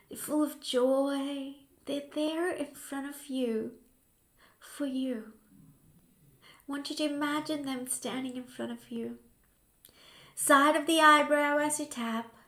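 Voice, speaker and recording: A woman guiding a grief tapping session in a slow, soothing voice, now and then dropping to a soft whisper. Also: high voice, echoey room. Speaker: healing coach.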